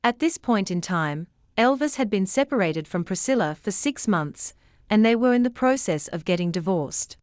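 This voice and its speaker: Dry, measured female narrator. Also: mid-range voice, animated, darkish tone, no echo. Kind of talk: scripted documentary narration.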